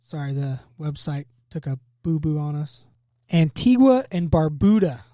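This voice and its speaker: A man's voice: on the high side, expressive, unhurried, dark tone, no room sound, clean studio sound. Upbeat young man hosting a joking podcast. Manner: loose, joking, reads facts aloud. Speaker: podcast host. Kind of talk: casual chat.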